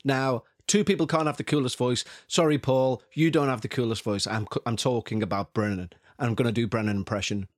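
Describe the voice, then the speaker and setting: A man's voice: medium pitch, expressive, fairly quick, hardly any pauses, dry recording, clean studio sound. A man hosting a podcast, chatting in a jokey, rambling, self-mocking way. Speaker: podcast host. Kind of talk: casual chat.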